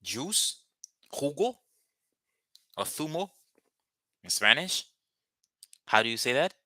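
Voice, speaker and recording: A man's voice: medium pitch, sing-song, slow, bright, forceful tone, dry recording, studio quality. A man teaching a live language lesson, patiently repeating words and phrases for his students.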